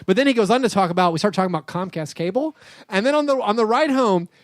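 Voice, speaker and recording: A man's voice: high-pitched, animated, fast talker, no echo, studio quality. A man in his thirties, co-hosting a podcast, telling a rambling story full of fillers and restarts. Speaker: podcast co-host. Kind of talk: casual chat.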